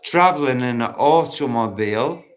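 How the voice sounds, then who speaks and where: A man's voice: medium pitch, expressive, normal speed. Guy live streaming on his phone in a park, blunt and sweary, calls everyone mate. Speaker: livestream host. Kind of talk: casual live-stream chat with viewers. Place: outdoors in a park.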